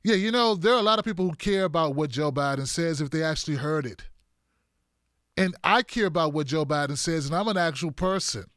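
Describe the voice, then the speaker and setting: A man's voice: on the high side, expressive, fairly quick, a bit bright, no echo, clean studio sound. A male host of a political commentary stream, combative, sarcastic and profane.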